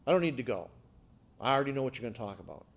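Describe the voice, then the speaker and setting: Here a self-satisfied male churchgoer talks down to everyone in a dropped, lower voice, dismissive and boastful, as a male preacher puts him on mid-sermon. The tone is smug and know-it-all. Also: very animated, very fast, creaky.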